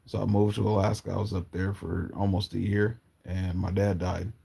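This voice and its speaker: A man from Portland telling personal stories in a casual, rambling, halting way with slang. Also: low voice, flat delivery, creaky, mellow, breathy edge. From Portland, Oregon, US. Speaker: storyteller. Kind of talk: casual storytelling.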